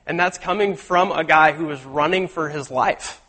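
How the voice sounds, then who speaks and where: A man's voice: a little high, moderate pace, hardly any pauses. Man preaching in a reverberant hall. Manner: conversational, animated, acts out quotes. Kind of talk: sermon.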